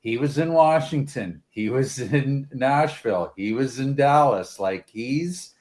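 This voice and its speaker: A man co-hosting a sports podcast, talking in a measured way and thinking his points through aloud. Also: mid-range voice, expressive, a little mellow. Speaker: podcast co-host. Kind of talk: casual sports talk.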